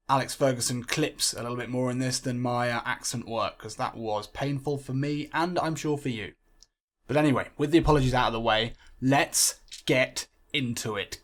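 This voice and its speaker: A man hosting a gaming channel, talking in casual, rambling, self-mocking commentary. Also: mid-range voice. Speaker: game channel host.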